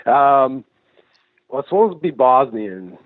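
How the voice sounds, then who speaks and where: A man from New England, a filmmaker and actor, rambles through his stories with loose, cheerful profanity. His voice sits at an ordinary middle pitch. The recording sounds thin and phone-like, with no room echo at all. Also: measured pace. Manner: loose, profane, animated storytelling. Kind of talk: casual interview chat. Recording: dry, tinny phone-like sound.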